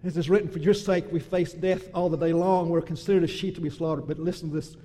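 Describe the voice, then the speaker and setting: A man preaching a sermon, swelling into loud emphatic lists and then dropping to a soft, low delivery. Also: steady tone, quick pace, long reverb tail.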